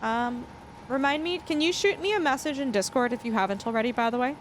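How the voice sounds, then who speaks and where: A woman's voice: high-pitched, fast, slight background noise. A woman streaming a farming game, chatting casually and reading chat aloud. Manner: chatty, reads chat aloud, laughs often. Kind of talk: casual livestream chat while gaming.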